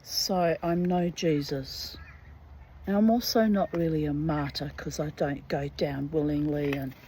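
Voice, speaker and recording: Slow, mellow-voiced outspoken woman. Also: low-pitched, steady tone, slight background noise, poor audio. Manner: blunt, swearing, indignant asides. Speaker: reader and storyteller. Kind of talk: rambling personal monologue.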